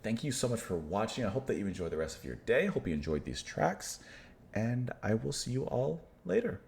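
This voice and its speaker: A man's voice: fairly low pitch, big pitch swings, gravelly, a little mellow. A man hosting a music reaction channel, speaking casually and thoughtfully, sometimes stumbling over unfamiliar names. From United States. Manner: reads lyrics aloud slowly.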